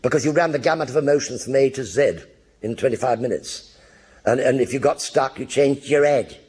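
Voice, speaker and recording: An older actor with a medium-pitched, darkish voice and a breathy edge talks a little fast. He tells anecdotes in a one-man stage show before a live audience, acting out other people's voices along the way.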